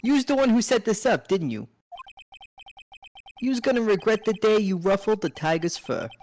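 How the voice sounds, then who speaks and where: A woman voicing a gruff, jumpy male mob tough in a put-on Brooklyn tough-guy drawl while reading game dialogue on stream. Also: medium pitch, lively intonation, moderate pace, a little mellow, no room sound, faint music behind, lightly acted. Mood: blustering.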